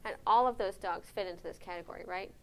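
A woman giving a conference lecture on animal behavior, lively and engaging, often checking in with her audience with questions. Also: medium pitch, fast. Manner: lively, asks the audience questions, frequent "right?".

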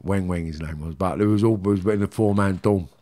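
Deep-voiced Cockney man telling stories. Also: fairly quick, mellow. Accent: London Cockney. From London. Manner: streetwise, rambling, frequent "do you know what I mean". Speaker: podcast guest. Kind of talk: candid storytelling interview.

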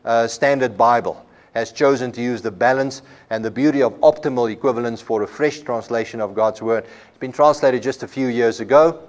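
A man's voice: mid-range voice, a little fast. A man giving a classroom lecture at a Bible college, explaining with everyday examples and often repeating a word as he restarts. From South Africa.

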